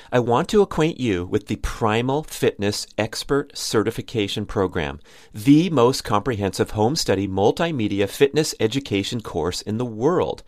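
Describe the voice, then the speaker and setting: A man's voice: mid-range voice, dry recording, studio quality. A man enthusiastically reading a scripted ad for his own course. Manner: enthusiastic, salesy. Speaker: podcast host reading an ad. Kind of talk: scripted ad read.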